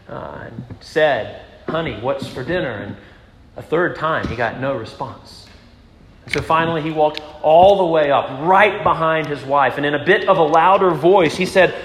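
A pastor preaching a sermon to his congregation, earnest, moving between strong emphasis and hushed rhetorical questions. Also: fairly high pitch. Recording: echoey hall with background noise.

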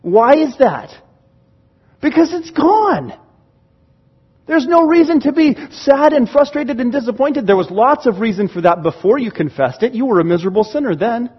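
A man preaching a sermon in church, telling stories with animated, excited reactions. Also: very high-pitched, normal speed, slightly rough, highs cut off. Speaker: pastor. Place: church sanctuary.

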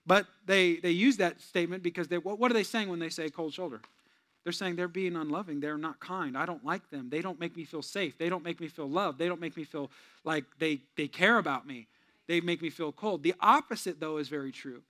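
A male pastor preaching a sermon, swinging from loud urging to quiet joking asides with the congregation. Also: on the high side, a little fast.

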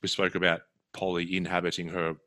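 A man with a very low voice that still sounds bright and forward. He muses thoughtfully in a casual conversation, weighing ideas as he speaks. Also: level tone, brisk. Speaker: practitioner working with clients.

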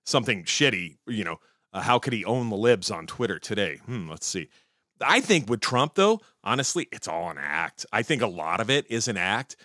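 Animated, foul-mouthed male podcast host. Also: medium pitch, no echo, studio quality. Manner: profane, sarcastic, worked-up. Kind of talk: casual ranting monologue.

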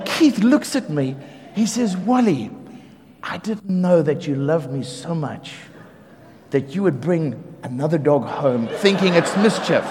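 A man preaching as a pastor, telling lively stories about his neighbours, acting out the quotes and often laughing. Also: fairly high pitch, a little hiss or hum. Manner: animated storyteller, acts out quotes, laughs often. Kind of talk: sermon storytelling. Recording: reverberant hall with faint ambience.

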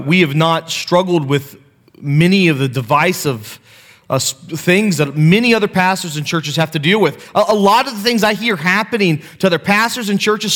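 Using a handheld mic in a church sanctuary with long hall reverb, a thirties-aged pastor gives a sermon full of casual, self-deprecating family stories. He has a fairly high, fairly bright voice.

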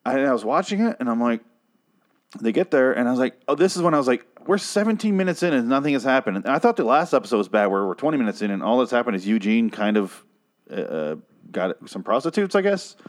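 A man's voice: mid-range voice, very animated, fast. A man hosting his own episode review show, ranting with profanity and sarcasm about how bad the episode was.

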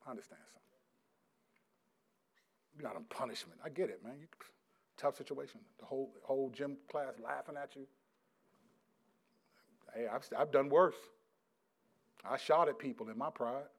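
A middle-aged male pastor preaching a sermon, reading scripture loudly and slowly, then dropping into quiet, casual stories about his sons. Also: mid-range voice, slightly rough. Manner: swings from loud emphatic scripture reading to quiet storytelling.

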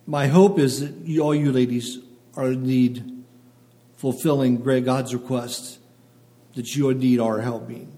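A pastor preaches to his congregation in short phrases, reading scripture aloud and checking in with his listeners. His voice is medium-pitched, steady, unhurried and mellow, and the recording carries a long hall reverb.

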